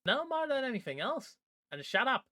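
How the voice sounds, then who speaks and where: A man voicing a fierce, tough female Kithkin archer in an audiobook, sharp and commanding. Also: very high-pitched, sing-song, moderate pace, no room sound, clean studio sound, voice pushed up, exaggerated voice. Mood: threatening.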